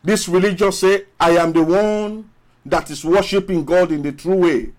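A male pastor preaching a sermon emphatically, repeating phrases and drawing out his words between pauses. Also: high voice, fairly even intonation, a little mellow. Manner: emphatic preaching with long pauses and rising calls.

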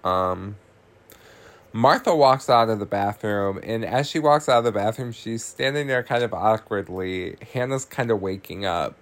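A man with a fairly low voice speaks at normal speed as he hosts a podcast. He recaps a horror comedy casually, laughing, swearing, and saying "like" and "um" a lot.

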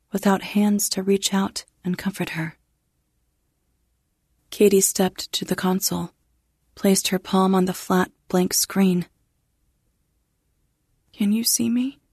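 A woman narrating a first-person science fiction story in a measured, restrained way. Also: fairly low pitch, gravelly, darkish tone, breathy edge, no room sound, clean studio sound.

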